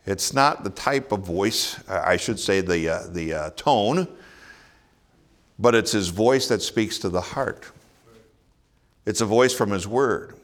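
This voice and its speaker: A man's voice: lowish voice, lively intonation, slow pace. A man preaching a sermon, earnest, asking his listeners rhetorical questions and chuckling now and then. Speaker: pastor.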